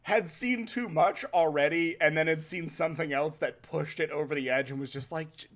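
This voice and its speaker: A man hosting a casual podcast, telling a history story in an animated, swearing, laughing way. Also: a little high, normal speed. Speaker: podcast host.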